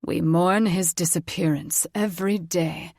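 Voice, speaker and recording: A man's voice: high-pitched, slow, dry recording, clean studio sound. A solemn old pipe-smoking grandfather.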